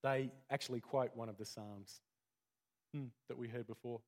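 A pastor giving a conversational sermon full of rhetorical questions. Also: male voice, medium pitch, normal speed.

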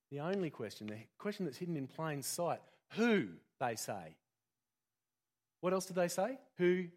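A pastor giving a conversational sermon full of rhetorical questions. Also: male voice, a little high.

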